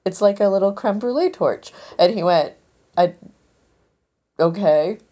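A woman's voice: mid-range voice, expressive, a little slow, dark tone. A woman co-hosting a radio show in casual chat, wry and self-mocking.

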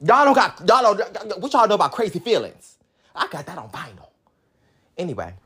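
A woman's voice: medium pitch, big pitch swings, moderate pace, fairly bright tone, slightly rough. Sassy woman on a profane comic rant. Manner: sassy, combative, profane bragging. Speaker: comedic ranting fan. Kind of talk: comedic rant to camera.

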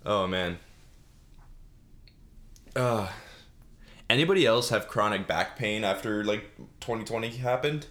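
A man's voice: on the low side, lively intonation, a little slow, long pauses, a bit bright. Goofy young man rambling alone. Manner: goofy, self-mocking, laughs at own jokes; mock-sobbing bit, put-on crying. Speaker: solo podcast host. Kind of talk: rambling solo comedy chat. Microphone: desk mic.

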